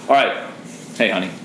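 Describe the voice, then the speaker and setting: Intense zealous man teaching men, roomy echo. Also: on the low side. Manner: intense and zealous, swinging from soft asides to forceful reading. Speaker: men's Bible study leader. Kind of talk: teaching a Bible study to a group of men. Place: roomy room with a seated group. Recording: roomy echo, faint background noise.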